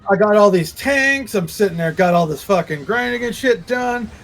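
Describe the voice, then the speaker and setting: A man's voice: sits high, lively intonation, normal speed, vocal fry, a bit bright, faint music behind, low-quality recording. A man streaming a game, ranting sarcastically and crudely in casual chat. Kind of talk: casual chat while gaming.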